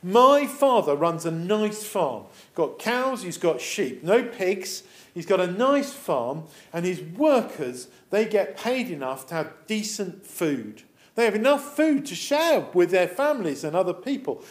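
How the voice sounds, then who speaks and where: A ragged young son begs in earnest, halting phrases, as a man acts him out, his voice high and swinging widely. He sounds sorry and humble, asking only to work. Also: sing-song. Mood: resolved.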